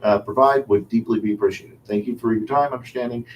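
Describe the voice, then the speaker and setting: A man co-hosting a webinar, reading viewer questions aloud in a steady, measured way with small hesitations. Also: mid-range voice, lo-fi sound, slight background noise.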